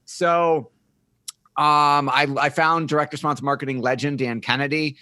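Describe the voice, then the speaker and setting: A man's voice: on the high side, fairly even intonation, measured pace, bright, forceful tone, no room sound. A middle-aged man, a podcast guest, telling his life story in an upbeat, joking interview style. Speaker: podcast guest, marketing firm founder.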